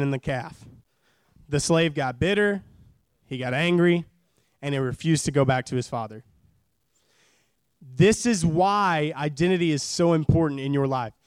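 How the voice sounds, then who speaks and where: A man's voice: a little high, clean tone, no echo, studio quality. A young man in his twenties preaching a sermon at a church service, in a casual, joking way that repeats phrases for emphasis.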